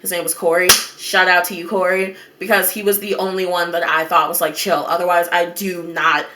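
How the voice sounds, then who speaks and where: Young woman doing a storytime vlog, super dramatic, bright clear voice, cusses a bit. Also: lowish voice, moderate pace. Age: young adult. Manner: over-dramatic, animated, swearing. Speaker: vlogger telling a story.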